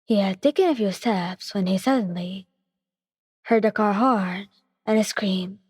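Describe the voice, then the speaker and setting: Breathy woman reading a story. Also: medium pitch, a little slow, a little mellow, clean studio sound. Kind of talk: scripted story narration. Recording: breathy voice with long reverb.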